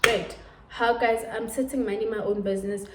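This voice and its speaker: A woman's voice: medium pitch, steady tone, moderate pace, roomy sound, distant mic, very noisy. A young woman in her twenties with a South African accent, telling a dramatic storytime to her viewers in a casual vlog, recorded on a phone camera. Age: 20s. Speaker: YouTuber.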